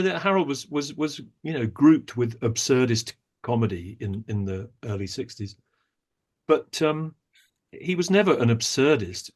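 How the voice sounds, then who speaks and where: A man, an actor and director, speaking as a podcast guest, talking at length in a thoughtful, storytelling way. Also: medium pitch. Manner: thoughtful storyteller, talks at length with many small restarts. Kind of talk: interview conversation.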